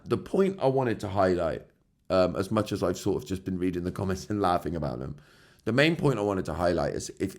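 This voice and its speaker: A man hosting a podcast in a casual solo monologue. He talks candidly, swears casually and keeps checking in with the listener. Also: low-pitched. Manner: candid and conversational, swears casually, laughs now and then; checks in with "right?" and "yeah?". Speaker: podcast host.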